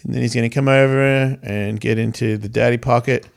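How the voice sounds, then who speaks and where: A man's voice: medium pitch, steady tone, fairly quick, vocal fry, hardly any pauses. A man hosting his own podcast alone, rambling in a casual, profane, self-mocking way. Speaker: podcast host. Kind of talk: rambling solo podcast monologue. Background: cat purring and moving nearby.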